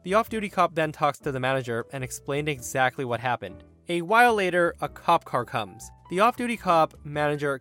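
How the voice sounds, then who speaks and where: A man hosting a podcast, narrating a story in an animated, indignant way and acting out the people in it. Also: on the high side. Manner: animated, indignant retelling with quoted voices. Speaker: podcast host.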